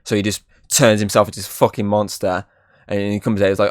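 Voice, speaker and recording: Rambling low-voiced male podcast host. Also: little pitch movement, brisk, no echo, studio quality. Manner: rambling, leans on "obviously" and restarts. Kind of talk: casual film review chat.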